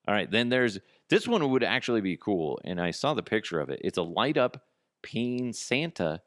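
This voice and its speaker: A man with a fairly low voice hosts a comedy podcast in a casual, rambling monologue. His pitch swings widely as he jumps between asides and swears freely. The sound is dry and close. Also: lively intonation, moderate pace, dry recording. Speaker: podcast host.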